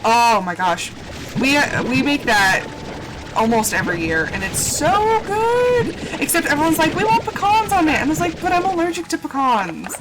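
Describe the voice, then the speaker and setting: A woman streamer chatting casually over gameplay, telling animated stories and acting out quotes in a higher voice. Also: normal speed, heavy background noise. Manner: animated storytelling with high acted quotes. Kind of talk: casual gaming chat.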